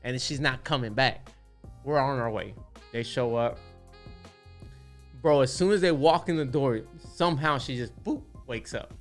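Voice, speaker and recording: Casual tattoo artist guest, man, laid-back street talk, middle pitch, faint music under him. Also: measured pace, pauses often. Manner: laid-back, streetwise, peppered with "you know what I'm saying". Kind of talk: casual podcast storytelling.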